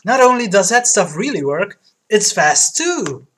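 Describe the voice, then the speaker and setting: A woman's voice: mid-range voice, big pitch swings, measured pace, fairly bright tone, voice pushed up. Hapless male game hero, read by a woman, bemused, wry, exasperated.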